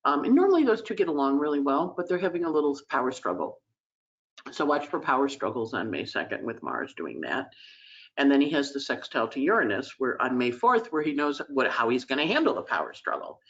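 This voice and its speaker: A woman's voice: rumbling low, very animated, brisk, lo-fi sound. A woman host giving a chatty weekly astrology forecast, emotional and teary at times, acting out little voices in quotes.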